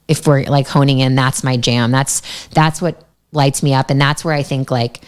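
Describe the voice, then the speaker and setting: Low, smooth-voiced young woman storyteller. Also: fairly even intonation, moderate pace. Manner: chatty storytelling, many fillers. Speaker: yoga teacher and guest. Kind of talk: casual podcast interview. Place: podcast studio.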